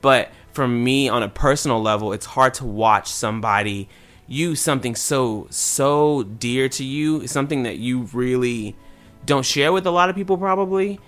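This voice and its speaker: A man's voice: medium pitch, normal speed, a bit bright, faint music behind. A man hosting a casual podcast, giving earnest, personal commentary. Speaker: podcast host. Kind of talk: casual chat.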